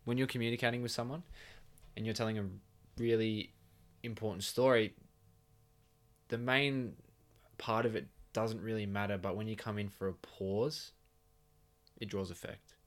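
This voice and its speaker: A man's voice: on the low side, steady tone, moderate pace, long pauses. A man with an Australian accent co-hosting a laid-back podcast from a home bedroom, blunt and casual, swearing freely. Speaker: podcast co-host.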